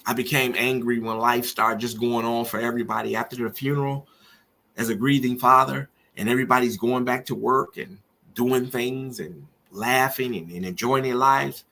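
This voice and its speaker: A man's voice: mid-range voice, fairly even intonation, moderate pace, gravelly, bright, forceful tone, a little hiss or hum. A middle-aged man hosting a podcast, talking earnestly and preacherly about grief and faith. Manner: earnest, preacherly, rising with feeling. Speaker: podcast host. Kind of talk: emotional personal monologue.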